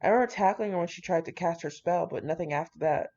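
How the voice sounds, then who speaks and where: Woman reading young male sorcerer, mild, dry, lowish pitch, dull lo-fi audio. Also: fast, darkish tone.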